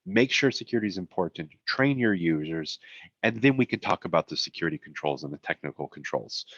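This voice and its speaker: Deep-voiced guy doing a webinar talk, chatty with jokey asides, voice getting worn, dry dull audio. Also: lively intonation, a little fast, a bit bright, no room sound. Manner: conversational, self-deprecating asides. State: voice getting tired. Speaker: cybersecurity presenter. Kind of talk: webinar presentation.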